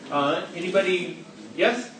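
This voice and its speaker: This high-pitched male preacher keeps a measured pace while a crowd murmurs behind him. He jokes around and questions the live audience during his interactive sermon. The recording is echoey, distant, and noisy, typical of a large hall.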